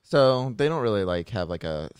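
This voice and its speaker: A man co-hosts a podcast in loose, joking chat and breaks into laughter often. His voice sits low, and the dry, close recording carries no room echo. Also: big pitch swings, normal speed, clean tone. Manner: laughs often, playful teasing. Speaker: podcast co-host. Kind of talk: casual chat.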